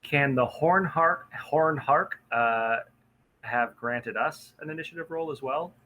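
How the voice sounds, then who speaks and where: Man, tabletop player, bright tense voice, quick questions. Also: on the high side, rough recording. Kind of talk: tabletop game play.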